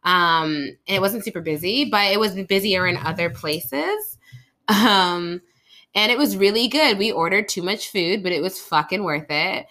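A woman, co-hosting a casual podcast, telling stories in an animated way and swearing freely. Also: medium pitch, measured pace. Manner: animated, swearing, storytelling with voices. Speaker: podcast co-host.

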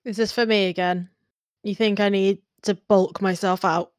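A woman's voice: mid-range voice, steady tone, moderate pace, dry recording, clean studio sound. A woman playing a tabletop game, talking bluntly and swearing freely in casual banter. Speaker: player.

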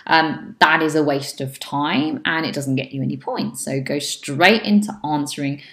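A woman's voice: sits low, moderate pace, vocal fry, reverberant. A woman teaching English exam speaking tips, checking in with frequent "okay?" and acting out sample answers with exaggerated intonation. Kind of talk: spoken exam tips lesson.

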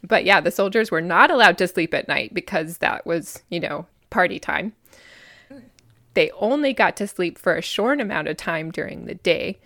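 A woman's voice: lowish voice, lively intonation, normal speed, fairly bright tone, no room sound, studio quality. An American woman co-hosting a podcast, chatting casually about history with many fillers and frequent laughs. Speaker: podcast co-host.

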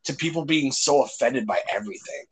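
A man's voice: medium pitch, expressive, brisk, slight background noise. A man in casual chat, swearing constantly and acting out comedy clips he has seen.

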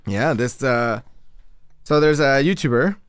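A man co-hosting a podcast in casual chat, easygoing and halting. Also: medium pitch, clear, resonant tone, dry recording, studio quality. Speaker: podcast co-host.

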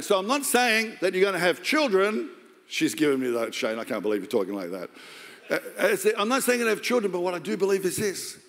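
An Australian man preaching a sermon as pastor, jokey and animated, acting out the voices of the story. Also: fairly high pitch. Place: large church hall. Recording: long hall reverb.

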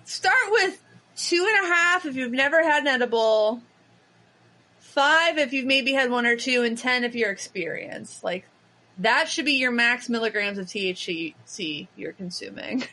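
Bright, chatty woman podcaster. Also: a little high. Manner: chatty, animated storytelling with quick asides. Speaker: podcast co-host. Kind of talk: casual chat.

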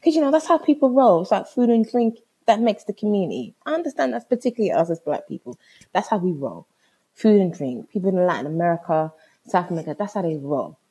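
A woman telling a comic story in a casual, animated, exasperated way, swearing freely. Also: lowish voice, fast, slightly rough.

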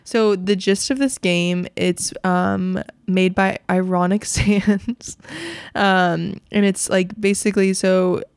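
Gravelly-voiced young woman, chatty podcaster. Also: mid-range voice, fairly even intonation, slow pace, no room sound. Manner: laughs often, chatty. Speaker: podcast co-host. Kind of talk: casual chat.

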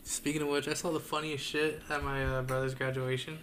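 Higher-voiced slangy young guy. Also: little pitch movement, fairly quick, fairly bright tone, slight background noise. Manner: laughing, slangy, mimics family members. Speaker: podcast co-host. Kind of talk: casual storytelling chat.

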